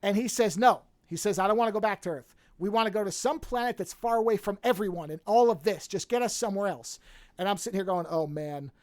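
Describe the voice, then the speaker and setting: A man hosting a podcast in casual chat, retelling a movie plot with lively acted-out lines and frequent swearing. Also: sits high, fast, no room sound. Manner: animated storyteller, acts out movie characters, swears freely. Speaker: podcast host.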